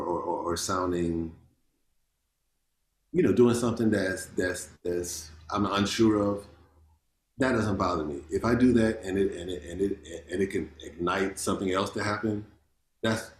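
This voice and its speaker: Chill guy musician rambling thru stories, lowish voice, kinda echoey room. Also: unhurried. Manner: loose, repeats words, animated storytelling with quoted voices. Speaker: jazz bassist, guest. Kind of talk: casual interview chat. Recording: roomy echo.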